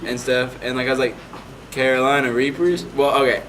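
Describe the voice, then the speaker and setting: A man's voice: mid-range voice, level tone, quick pace, fairly bright tone, slight background noise. A young man casually telling a rambling story, full of "like" fillers.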